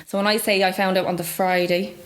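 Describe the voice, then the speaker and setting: A woman in her thirties from Dublin speaks candidly in a broad local accent. She tells her story with lively re-enactments of what others said, her voice leaping high when quoting them, and nervous laughter breaks through now and then. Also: fast talker. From Ireland. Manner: animated, acts out voices with big pitch jumps, laughs nervously. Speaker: guest.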